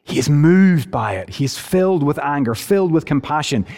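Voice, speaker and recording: A man's voice: a little high, animated, normal speed, creaky, a little mellow. Earnest male preacher in a reverberant hall. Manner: earnest, emphatic, varies pace for stress. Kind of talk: sermon.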